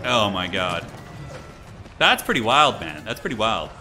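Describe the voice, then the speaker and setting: A man giving casual, excitable live commentary on a strategy game tournament, chatting with his stream viewers as he goes. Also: fairly low pitch, unhurried, over music. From United States. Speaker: tournament caster.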